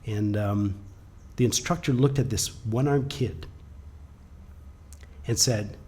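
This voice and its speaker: Husky-voiced man telling a motivational story. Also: lowish voice, slow, pauses often. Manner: animated, swings from loud to hushed. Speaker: webcast presenter.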